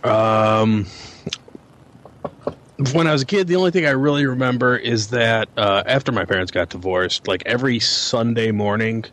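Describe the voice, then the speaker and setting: A man of middle pitch reminisces at an easy pace on a casual podcast. He pauses on ums and uhs and swears now and then as he drifts through his memories. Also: slight background noise. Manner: relaxed reminiscing with fillers. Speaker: podcast co-host. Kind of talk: casual chat.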